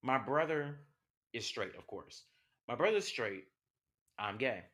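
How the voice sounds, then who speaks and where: A young man hosts a podcast as a passionate personal monologue, speaking slowly in an animated, mid-range voice with a sharp tone. It's conversational and full of rhetorical questions.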